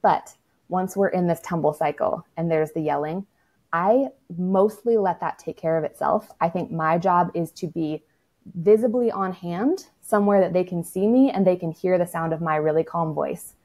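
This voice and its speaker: A woman's voice: fairly low pitch, moderate pace, darkish tone. A woman speaking as a toddler-parenting expert in a casual podcast conversation, frank and matter-of-fact, with lots of "like" and the odd swear word.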